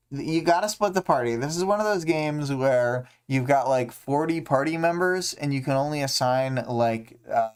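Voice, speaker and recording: A man's voice: medium pitch, smooth. A man hosting a casual livestream discussion, recapping a story with many ums and uhs and putting on voices for quoted lines. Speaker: podcast host.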